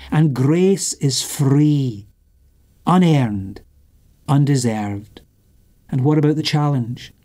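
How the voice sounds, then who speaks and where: A male preacher delivering a sermon at an unhurried pace. He speaks in measured, repeating phrases, with pauses after each line. His voice is warm and mellow. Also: mid-range voice. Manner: measured, rhythmic repetition with long pauses.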